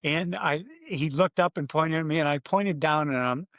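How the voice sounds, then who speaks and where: An older man, a former race announcer, telling stories in an interview and acting out his own loud calls. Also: on the high side, moderate pace, no room sound, studio quality. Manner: animated storyteller, acts out his own calls loudly. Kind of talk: conversational storytelling interview.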